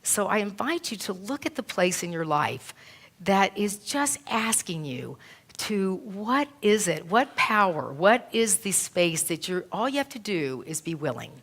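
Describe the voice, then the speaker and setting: A woman's voice: medium pitch, sing-song, measured pace, a bit bright. A woman minister giving a sermon in a church, retelling a story with earnest, emotional storytelling.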